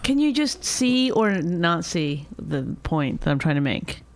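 A woman's voice: fairly low pitch, big pitch swings, a little slow, no room sound. A woman co-hosting a podcast, rambling and complaining in casual chat, swearing freely. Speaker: podcast co-host.

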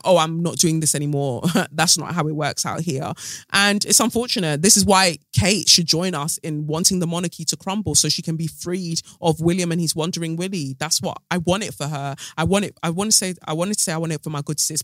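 A man's voice: fairly high pitch, fairly bright tone, dry recording. A man hosting a podcast, chatting through celebrity gossip with sassy, sarcastic asides. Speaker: podcast host. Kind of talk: casual gossip commentary.

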